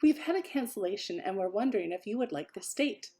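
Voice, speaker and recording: A woman's voice: medium pitch, lively intonation, quick pace, dark tone, natural voice. A woman voicing a polite hotel clerk with a French-like accent who speaks in formal phrases. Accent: French-sounding, not quite French.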